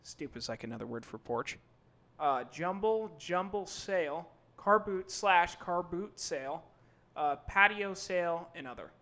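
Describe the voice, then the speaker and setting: A man's voice: high-pitched, expressive, measured pace, sharp tone. A young man in casual podcast chat, joking around and swearing freely.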